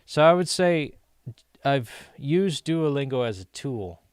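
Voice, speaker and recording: A man of middle pitch talks through a viewer's question in a relaxed vlog, pausing and restarting as he explains his reasoning. His voice is smooth and clear. The recording sounds dry and close, with no room around it. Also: no room sound. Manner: thinking aloud, explaining his methods with frequent hesitations. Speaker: channel host learning Portuguese. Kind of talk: casual vlog answering viewer comments.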